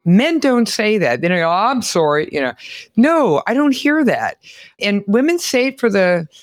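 A woman hosting a podcast, telling stories in an animated, chatty way and exclaiming often. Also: medium pitch, moderate pace, dry recording, clean studio sound. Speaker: podcast host. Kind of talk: casual interview chat.

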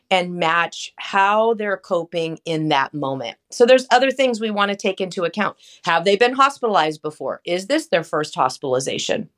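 A woman speaking as a child life specialist, upbeat and explaining with examples in an interview. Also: on the low side. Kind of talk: interview answers.

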